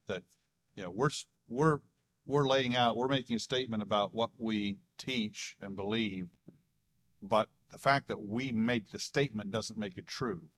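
A man with a fairly low voice talks through a draft statement of belief with his church group. He speaks hesitantly, restarting his sentences and chuckling now and then. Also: a bit bright. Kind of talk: casual group discussion.

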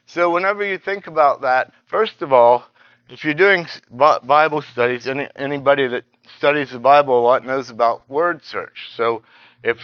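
A man teaching a Bible study lesson, halting and restarting often and reading scripture passages aloud. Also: medium pitch, no echo, dull audio.

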